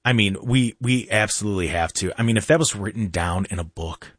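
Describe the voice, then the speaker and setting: A man's voice: fairly low pitch, fairly quick, a bit bright, no room sound, studio quality. A man hosting a casual talk show, chatting in a rambling way with many restarts and fillers. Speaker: show host. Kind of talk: casual live-stream show chat.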